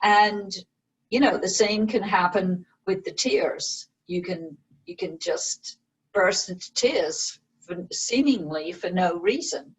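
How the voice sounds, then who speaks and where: A woman meditation teacher and author, explaining her practice in a slow, gentle way as an interview guest. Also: mid-range voice, husky, rough recording. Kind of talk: interview conversation.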